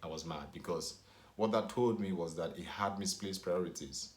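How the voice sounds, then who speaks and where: A man from Nigeria with a Nigerian accent, casually telling a rambling, animated story to camera and leaning on "you know". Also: low-pitched, moderate pace, reverberant. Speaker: vlogger.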